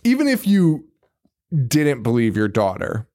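A man's voice: mid-range voice, huge pitch swings, unhurried, mellow. A man casually recapping a movie on a podcast, joking, swearing and laughing often as he acts out lines. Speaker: podcast co-host.

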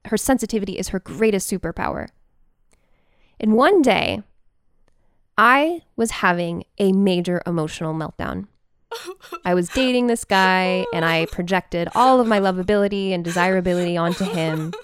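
A woman telling a personal story in an animated, expressive way, with quick bursts. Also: mid-range voice.

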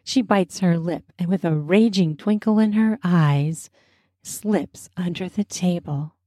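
Slow, mellow woman narrating a story. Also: lowish voice, no room sound, clean studio sound. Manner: slow, soft and intimate. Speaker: storyteller and host.

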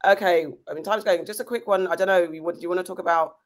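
A woman hosting a casual chat podcast, talking in an animated, rambling way with lots of restarts. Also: lowish voice, quick pace.

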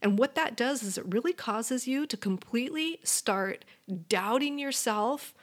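A woman hosting a motivational podcast, speaking earnestly and encouragingly straight to her listeners as a life coach, sometimes dropping to a soft whisper. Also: a little high, lively intonation, unhurried.

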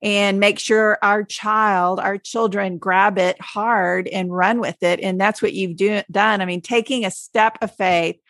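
A woman's voice: mid-range voice, fairly even intonation, measured pace, hardly any pauses, fairly bright tone, no echo, studio quality. A woman from Texas with a Texan accent, co-hosting a faith podcast with enthusiasm. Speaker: podcast co-host. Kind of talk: casual faith chat.

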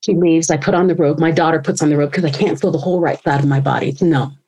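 Animated storytelling woman, lowish voice. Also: fast talker, breathy edge, low-quality recording. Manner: animated, acts out quoted voices. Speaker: guest speaker and author. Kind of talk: storytelling interview.

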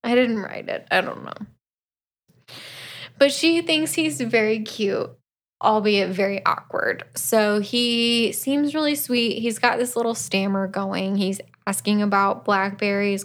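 Chatty woman recapping a book. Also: medium pitch. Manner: chatty, acts out quotes from the book. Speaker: podcast co-host.

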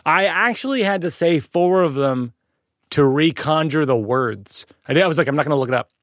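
A middle-aged man hosting a casual talk, reflective and halting, laughing easily. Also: on the high side, animated, fairly bright tone, dry recording, studio quality. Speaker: podcast host. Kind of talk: casual conversation.

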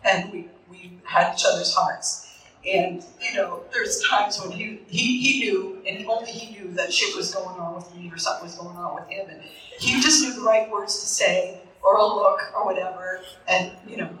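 A woman's voice: mid-range voice, normal speed, sharp tone, slight background noise. A woman actress on a convention panel, chatting in a jokey, rambling way and laughing often. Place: convention stage. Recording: echoey hall, voice from far off.

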